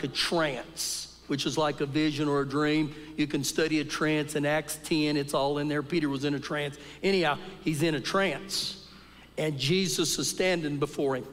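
During a live service in a church sanctuary, a male pastor with a high voice preaches a sermon, telling stories with animation and acting out quotes. The recording carries long reverb and faint music.

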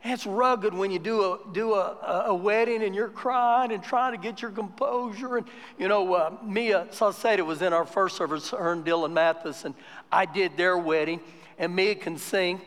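High-voiced preaching pastor in reverberant church. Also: male voice, fairly even intonation, moderate pace, a bit bright. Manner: conversational storytelling building to emphatic preaching. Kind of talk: sermon. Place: church sanctuary during a live service. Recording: long church hall reverb.

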